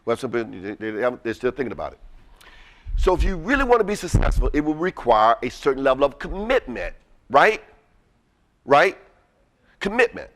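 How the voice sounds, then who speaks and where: A man giving an energetic, casual motivational talk to a live audience in a presentation room, coaxing them to chant along. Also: medium pitch, moderate pace, long pauses. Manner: casual, uses y'all. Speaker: presenter at a webinar. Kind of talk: motivational call-and-response talk.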